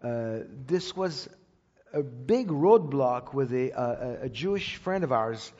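In a dull recording that echoes with long hall reverb, a Bible teacher tells his congregation a sermon framed as a personal story. His mid-range voice is mellow, expressive, and slow. The talk is conversational, with frequent restarts and words repeated.

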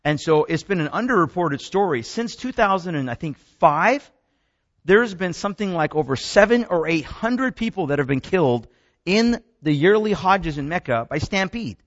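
A man's voice: sits high, lively intonation, normal speed, dry recording, dull audio. A man giving a rambling talk to an audience, often restarting words and breaking off into asides. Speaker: speaker. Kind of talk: lecture.

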